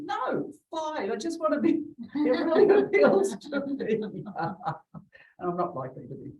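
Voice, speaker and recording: A woman's voice: sits high, sing-song, a little slow, darkish tone, lo-fi sound. A middle-aged woman telling stories as an interview guest, chatty and laughing often, voicing the people she quotes. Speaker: real estate agent guest. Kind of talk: conversational interview. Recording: distant from the mic.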